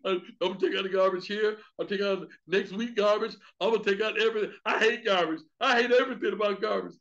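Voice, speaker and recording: A distracted husband who stalls and mumbles excuses instead of getting up, as a preacher acts him out. His voice is high-pitched and bright, caught on a dull, lo-fi recording. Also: steady tone, fast talker. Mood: grudging. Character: distracted husband watching football.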